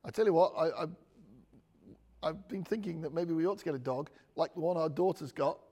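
A man's voice: fairly high pitch, brisk, warm tone, slightly rough. A man preaching a chatty, joking sermon full of asides. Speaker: pastor.

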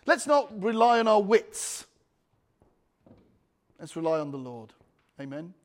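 A man's voice: high-pitched, very animated, measured pace. A man preaching a sermon, telling a personal testimony with frequent restarts and calls for amen. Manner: anecdotal, restarts often, calls for amens.

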